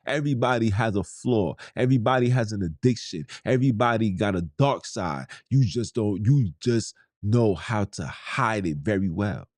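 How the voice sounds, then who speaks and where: A man's voice: lowish voice, lively intonation, normal speed, few pauses, a little mellow, no room sound, studio quality. A man, hosting a podcast in a blunt, heated, slangy monologue. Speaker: podcast host. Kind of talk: ranting monologue.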